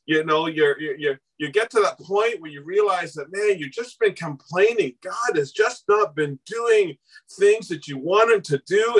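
High, bright-voiced preacher man. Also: breathy edge, distant mic, poor audio. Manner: animated storytelling, acts out quoted voices, rises to shouts. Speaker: pastor. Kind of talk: sermon.

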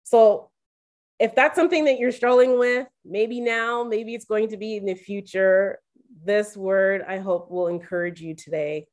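A woman talks straight to her listeners in a mid-range voice, confiding and animated as she shares a candid personal story. She speaks as a faith speaker and calls her audience "guys.". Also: medium pitch, unhurried. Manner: addresses listeners directly as "guys".

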